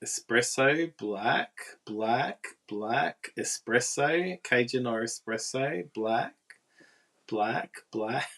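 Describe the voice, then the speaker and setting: A woman's voice: very deep voice, fairly bright tone. A woman giving a casual, chatty live card-making demonstration and talking with viewers. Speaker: papercraft demonstrator.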